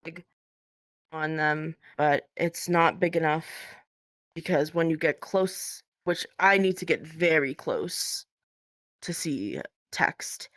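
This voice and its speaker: A woman speaking as a podcast guest in casual conversation, hesitant with many pauses and ums. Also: sits low, a bit bright, no echo, clean studio sound.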